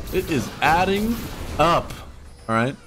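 A young man giving excited, laughing commentary while playing a video game, with loud yelps between mumbled asides. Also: fairly high pitch, takes it slowly, gravelly. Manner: hyped, yelling bursts and mumbled asides; laughs often. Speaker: streamer. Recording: game music behind voice. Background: game music.

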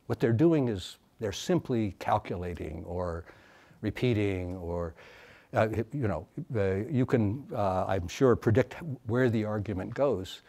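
A man giving an academic lecture as a professor, talking thoughtfully and haltingly with many fillers and restarts. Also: lowish voice, mellow.

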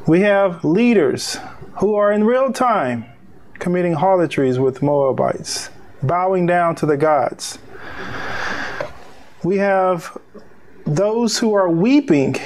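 A man with a high, light voice delivers a sermon to a congregation. He talks in a conversational way, stretching out key words for emphasis and sometimes pausing to restart a phrase. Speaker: pastor.

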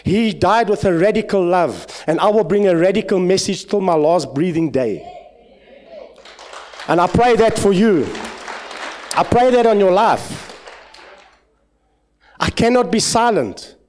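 A man with a South African accent, a pastor preaching an impassioned sermon in church, swinging between loud exclamations and low asides. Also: expressive, a little slow, pauses often, a little hiss or hum.

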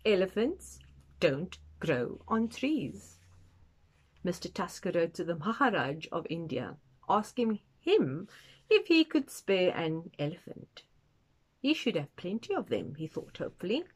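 A woman reading a children's picture book aloud, expressive and adding asides for young listeners. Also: fairly low pitch, moderate pace, breathy edge. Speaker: storytime reader.

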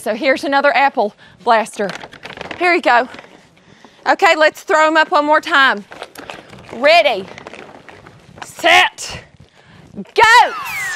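High-pitched goofy woman hosting kids' video. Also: fairly bright tone, slight background noise. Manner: goofy, chatty, talks to the animals. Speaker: kids' show host. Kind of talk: playful educational kids' vlog. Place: outdoor animal sanctuary.

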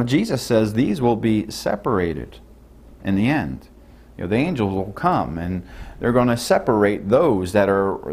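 A man preaching an earnest sermon, often repeating himself, rising to emphatic stresses and dropping to low, quiet tones.

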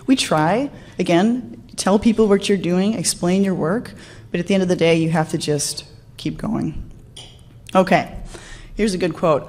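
A young woman giving a lively conference talk to an audience, acting out what colleagues said to her. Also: lowish voice, a little slow. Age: young adult. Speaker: conference speaker.

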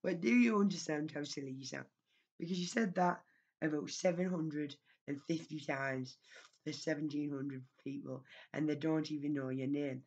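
A woman's voice: sits low, moderate pace, a little mellow, dull audio. A woman YouTuber talking straight to camera in a rambling, scolding vlog rant, recorded at home on her own microphone.

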